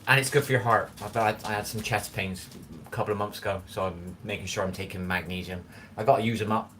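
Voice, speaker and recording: A man hosts a casual live stream while cooking and tidying in his home kitchen, meandering between topics, speaking straight to viewers in chat, and swearing bluntly here and there. His lowish voice is fairly bright and fairly even in intonation, delivered at a quick pace with a little hiss or hum.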